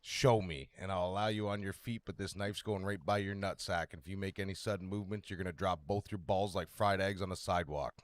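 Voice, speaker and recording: A man's voice: sits low, fairly even intonation, fast talker, hardly any pauses, dry recording. A man playing a tabletop game, speaking in character with crude, menacing threats. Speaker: player.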